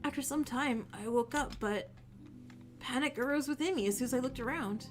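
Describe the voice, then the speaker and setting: A woman's voice: sits high, fairly quick, soft background music, natural voice. A woman voicing an anxious, protective young male protagonist from a game, reading his lines and narration aloud in an earnest, pleading way. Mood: narrating.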